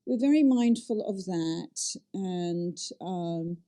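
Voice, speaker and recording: A woman speaking casually in an interview about theater work, with a mellow, darker tone. She talks in a chatty, animated way, circling back with fillers and restarts. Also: lowish voice, slow pace. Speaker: director and acting teacher.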